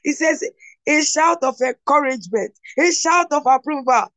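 A woman preaching a devotional sermon, repeating declarations of victory and breaking into shouts of glory. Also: high-pitched, animated, normal speed, no echo.

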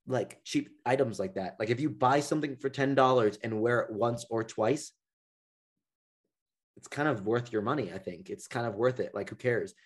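A man hosting a podcast, ranting in a casual, profane storytelling monologue. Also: medium pitch. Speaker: podcast host.

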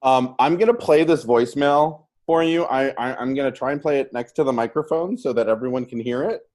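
A woman's voice: very deep voice, fairly quick, a little mellow. A woman co-hosting a podcast in casual chat, bubbly and giggly, rambling between stories. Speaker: podcast co-host.

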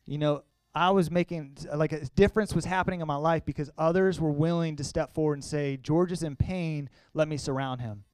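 Young male speaker for an emotional church testimony: casual and earnest, with a smooth, clear voice. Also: on the high side, fairly even intonation, darkish tone, no room sound. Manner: earnest, conversational, halting with emotion. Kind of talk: personal testimony to a congregation.

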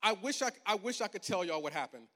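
A forties-aged pastor preaches a storytelling sermon in a large church, talking fast and animatedly in a high, pushed, bright voice. He starts out chatty and humorous, then climbs into emphatic preaching, all under a long hall reverb.

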